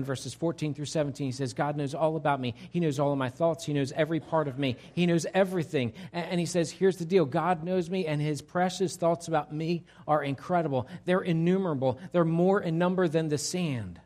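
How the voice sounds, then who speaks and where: Pastor guy preaching in church, kinda higher voice, goes loud then drops real soft. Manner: conversational preaching, rising and falling from loud emphasis to hushed. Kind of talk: sermon. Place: church sanctuary.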